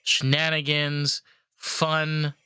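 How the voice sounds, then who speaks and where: A podcast co-host with a bright, forward voice, recorded close and dry. Talks loosely and jokingly, dropping swear words with ease. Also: medium pitch, monotone, very slow, smooth, dry recording. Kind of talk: casual chat.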